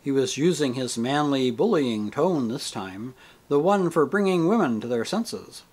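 A man reading a book aloud, measured and expressive. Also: medium pitch. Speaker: reader. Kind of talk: audiobook reading.

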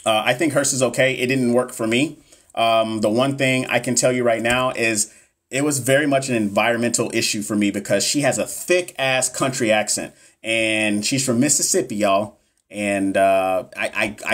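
A man's voice: on the low side, normal speed, a bit bright. A man tutoring nurses on a live stream, going through exam questions in a casual, hyped-up way and swearing freely. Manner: casual, profane, hyped-up talk to viewers.

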